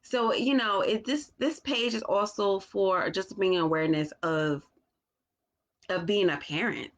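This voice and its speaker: Slow, halting woman talking to camera. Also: medium pitch, highs cut off. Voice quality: slow, deliberate delivery. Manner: halting, with restarts and long pauses. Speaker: parent vlogger. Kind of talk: casual talk to camera.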